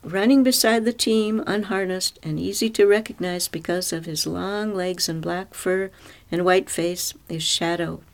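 A woman narrating a story aloud in an even, measured reading voice. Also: fairly low pitch.

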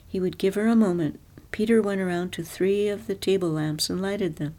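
A woman narrating a literary story aloud in a measured, even reading. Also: medium pitch. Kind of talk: audiobook reading.

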